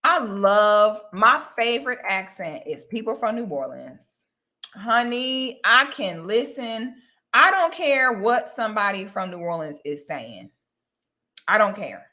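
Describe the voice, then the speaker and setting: A woman's voice: medium pitch, sing-song, measured pace, bright, forceful tone. A young woman, chatting casually and animatedly straight to her viewers. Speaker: vlogger talking to viewers. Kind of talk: casual chat to camera.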